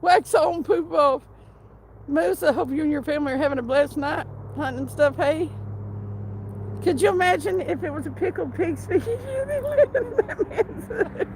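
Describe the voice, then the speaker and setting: A woman's voice: sits high, normal speed, darkish tone, slight background noise, poor audio. A woman live streamer chatting casually and reading her chat aloud, laughing constantly.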